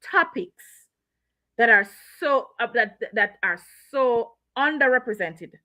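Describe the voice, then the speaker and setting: A woman's voice: a little high, lively intonation, slow, dull audio. A woman guest author in a conversational interview, often repeating herself and laughing as she talks.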